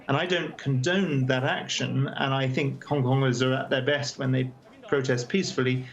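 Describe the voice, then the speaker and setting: Man, advocacy chair, remote news interview over a video call; measured and earnest, mid pitch, frequent hesitations. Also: dull audio.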